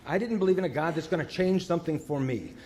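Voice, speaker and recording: Halting storyteller man at a recovery meeting. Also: a little high, a little mellow. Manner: storytelling, halting with many fillers. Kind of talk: personal recovery talk.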